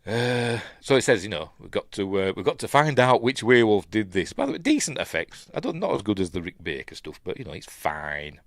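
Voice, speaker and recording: A man's voice: on the low side, sing-song, a little fast, few pauses, dry recording, clean studio sound. A middle-aged man with a Yorkshire accent giving casual, chatty commentary on a film he's reviewing, full of asides and self-corrections. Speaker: film reviewer, channel host.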